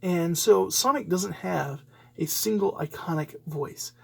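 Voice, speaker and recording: Man, podcast host, gravelly voice, rambling opinionated commentary. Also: high voice, measured pace. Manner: rambling, opinionated, frequent fillers and restarts. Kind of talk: solo casual podcast commentary.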